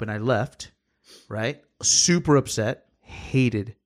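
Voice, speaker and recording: Man, casual storyteller, animated, plays all the parts in his anecdotes. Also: mid-range voice, slow pace. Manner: animated, acts out quoted dialogue, swears casually. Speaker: podcast guest, former service advisor.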